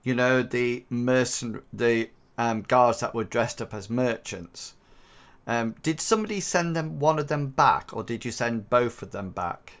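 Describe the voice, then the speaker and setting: A man narrating as game master, in a relaxed way with many fillers. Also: medium pitch, a little slow, smooth.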